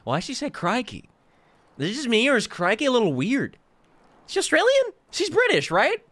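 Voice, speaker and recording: A young man streaming a video game, excitable and joking with crude language and quick laughter. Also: extremely high pitch. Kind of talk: live let's-play commentary.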